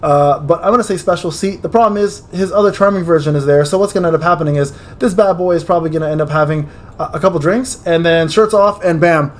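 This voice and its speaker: A man hosting a gaming video, giving casual, rambling, slangy tier-list commentary with jokes and quick restarts. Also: on the high side.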